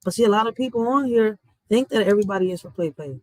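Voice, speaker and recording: A woman's voice: medium pitch, lively intonation, fast talker, darkish tone, dry recording, low-quality recording. Woman vlogger, blunt and emphatic, dry close sound. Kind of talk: heated social media commentary.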